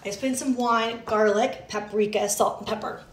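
A chatty woman with a fairly high voice talks viewers through a recipe at home. She is recorded from a little way off, so her voice bounces around the kitchen. Dishes and pans clatter behind her. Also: fairly even intonation, normal speed, noisy background. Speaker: cooking show host. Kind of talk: casual cooking demonstration. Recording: echoey kitchen, mic at a distance, clattering dishes.

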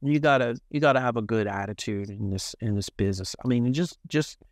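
A man's voice: medium pitch, a little fast, no room sound, clean studio sound. Candid storytelling man from Memphis. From Memphis, Tennessee, US. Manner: lively, profane, self-mocking anecdotes. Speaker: guest musician.

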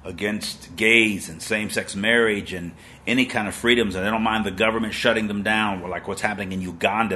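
A man in his sixties preaches on a live stream in an emphatic, dramatic way. His voice sits fairly low and pushes hard with a bright, forceful edge. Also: slight background noise. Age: 60s.

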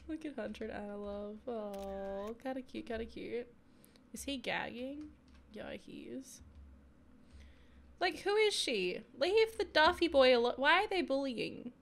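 A woman's voice: high voice, creaky, slight background noise. A young woman giving chatty, giggly commentary while playing a life-sim game. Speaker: gaming video creator. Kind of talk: casual gameplay commentary.

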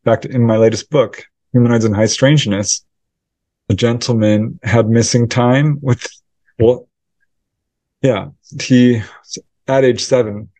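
A male UFO researcher and author answers an interviewer's questions with a lively story, slipping into the voices of the people he quotes. His voice sits at an average pitch for a man. The recording is dry and close, with no room sound. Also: unhurried, pauses often, no echo. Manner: lively storyteller who acts out quoted dialogue.

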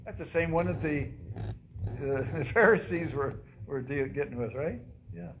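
A man's voice: on the high side, measured pace, slight background noise. A pastor preaching a sermon in a church, quizzing his congregation and dramatically repeating the cries of the scripture story. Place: church sanctuary.

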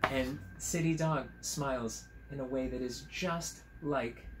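Gentle man reading a picture book. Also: mid-range voice, background noise. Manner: gentle, chatty, pauses to point out pictures. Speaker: teacher reading to children. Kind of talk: picture book read-aloud. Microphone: camera.

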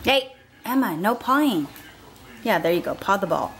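A woman's voice: mid-range voice, expressive, moderate pace, fairly bright tone, slight background noise. A young adult woman chatting casually in a home vlog, laughing often and coaxing her pets. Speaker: vlogger.

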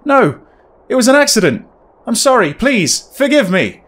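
A man's voice: very high-pitched, very animated, normal speed, a bit bright, voice pushed up, full character voice. A man reading aloud a game's guilt-ridden husband, pleading in a raised voice. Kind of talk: reading game dialogue aloud.

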